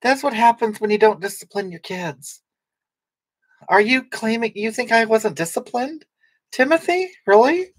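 Rambling and snapping back at viewer comments, this woman voices a brash, sarcastic livestream comedy persona in an improvised chat with a snarky mood. Her voice is a little high, with lively intonation, a moderate pace and a breathy edge, and there's no echo.

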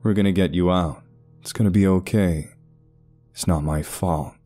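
A man playing a haunted rescuer who speaks hesitantly and unsure of himself. The voice is low and mellow, with faint music under the horror story. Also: normal speed, natural voice. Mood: urgent. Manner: hesitant, uncertain. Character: haunted, guilt-ridden male cave rescuer.

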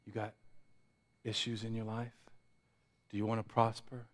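A pastor preaching a sermon, building intensity through repetition and dropping to quiet asides. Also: male voice, lowish voice, monotone, normal speed. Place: church sanctuary.

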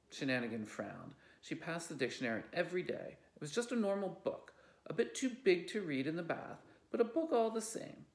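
A library reader narrating a children's novel aloud with expressive, animated delivery. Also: medium pitch, moderate pace, vocal fry. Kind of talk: storybook reading aloud. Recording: roomy echo.

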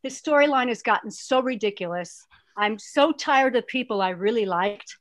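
A woman guest, an actress, chatting and telling stories in an animated way, with a lot of restarts. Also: fairly high pitch, normal speed. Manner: animated, rambling storyteller with many restarts. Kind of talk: casual interview chat.

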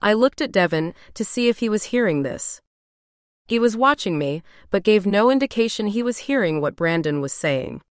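A woman reading an audiobook in the first person, with even, composed delivery on a close studio mic. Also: mid-range voice, moderate pace, dry recording. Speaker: audiobook narrator. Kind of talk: first-person scripted narration.

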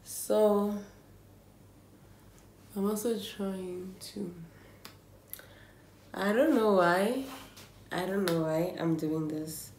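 A woman's voice: medium pitch, steady tone, very slow, pauses often, a little mellow. A young woman from South Africa, chatting casually and nervously to camera in a home vlog, thinking aloud as she goes. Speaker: beauty vlogger. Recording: echoey room.

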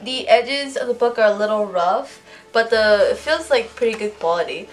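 A woman chatting casually through an unboxing, gushing and excitable, swearing freely. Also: a little high, moderate pace, far from the mic. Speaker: vlogger unboxing fan merch. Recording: voice a bit off-mic, soft music behind.

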